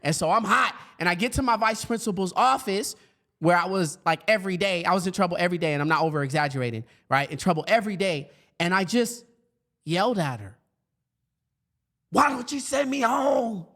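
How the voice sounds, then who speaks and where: A man in his thirties giving a storytelling talk to educators, acting out his younger self with a raised, lively voice. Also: high-pitched, fast talker. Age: 30s. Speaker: speaker for educators.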